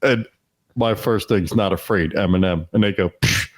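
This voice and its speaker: Male podcast co-host, low voice, swearing storyteller who acts out voices, loose casual chat. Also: normal speed. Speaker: former youth football coach.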